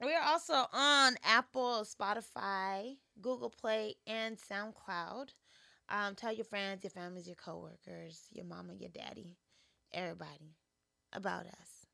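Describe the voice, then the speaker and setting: A woman co-hosting a podcast in casual chat, drunk, giggly and quick to apologize. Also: medium pitch, vocal fry, pushed and bright, no echo, clean studio sound. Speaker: podcast co-host.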